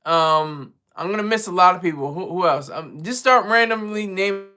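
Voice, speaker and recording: A man's voice: high-pitched, animated, moderate pace, pushed and bright. A man chatting casually on a livestream from home, rambling and self-deprecating, with many restarts. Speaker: livestream co-host and regular caller.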